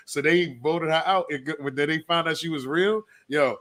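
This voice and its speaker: A man co-hosting a podcast, telling a story in animated casual chat and acting out the quotes. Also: on the high side, moderate pace, few pauses. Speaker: podcast co-host.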